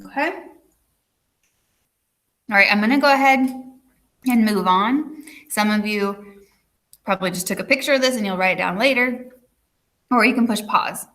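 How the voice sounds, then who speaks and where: Bright-voiced chatty woman teacher. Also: mid-range voice, moderate pace, pauses often. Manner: chatty, checks in with frequent "okay". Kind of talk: recorded classroom video lesson.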